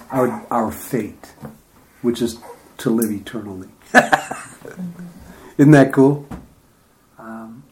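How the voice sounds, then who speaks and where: A man's voice: medium pitch, a little mellow. A man giving an informal Bible study talk, enthusiastic and chatty, laughing often as he reads and retells verses. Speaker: Bible teacher.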